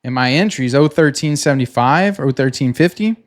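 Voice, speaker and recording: A man casually talking through his trading session on a screen share, relaxed and chatty, pointing at the chart as he explains. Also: mid-range voice. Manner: relaxed and chatty, many "like"s, quick laughs; talks himself through the chart while pointing at it. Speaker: futures trader recapping his trading session.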